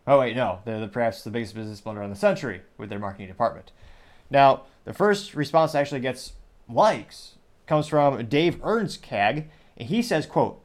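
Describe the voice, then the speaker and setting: A man's voice: medium pitch, expressive, moderate pace. A man hosting a commentary show, reading social media replies aloud in a dry, mocking way. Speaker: show host.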